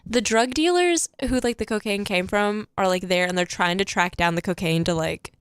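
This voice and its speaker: A teenage girl chats eagerly about a film, peppering her talk with "like" and quick laughs. Her voice sits at a middle pitch. The room sound is dry and close. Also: smooth, dry recording. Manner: chatty, laughs often, heavy use of "like". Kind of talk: casual chat about a movie.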